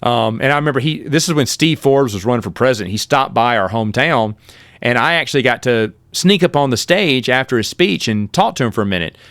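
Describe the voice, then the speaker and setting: A man's voice: mid-range voice, expressive, brisk, a bit bright, no room sound. A middle-aged man hosting his own podcast, telling casual stories and often correcting himself mid-sentence. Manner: rambling, self-correcting, quotes others in shifted voices. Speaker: podcast host. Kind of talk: casual solo storytelling.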